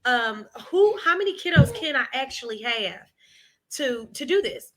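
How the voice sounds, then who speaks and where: A woman's voice: high-pitched, sing-song, normal speed, a bit bright. A woman, telling her story animatedly in a casual interview and acting out the voices of people she quotes. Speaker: preschool owner and guest. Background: children nearby at home.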